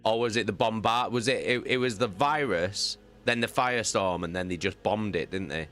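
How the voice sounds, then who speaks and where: Very deep-voiced man chatting loudly, swearing. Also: moderate pace, faint music behind. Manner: animated, swearing often, repeats himself. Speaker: audiobook reader and streamer. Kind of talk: casual chat with live viewers.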